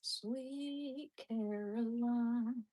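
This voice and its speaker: A woman chats with her livestream viewers from her home kitchen, wandering off mid-thought, restarting, and baby-talking to her dog. She speaks extremely slowly in a fairly high, mellow voice, recorded dry.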